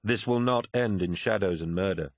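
A man reading an audiobook, voicing a woman prophet who speaks calmly and with certainty, solemn and resolute. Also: sits low, normal speed, no room sound, clean studio sound. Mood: resolute, fervent.

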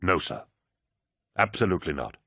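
A man voicing a calm rational scholar. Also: deep voice, moderate pace, husky, no echo, clean studio sound, exaggerated voice. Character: older male scholar-advisor, calm and rational. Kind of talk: audiobook character voice.

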